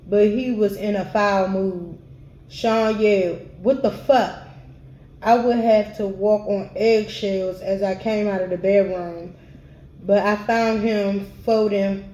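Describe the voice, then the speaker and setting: A woman reading a first-person memoir aloud in a steady read-aloud manner. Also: mid-range voice, echoey room, poor audio. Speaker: audiobook reader.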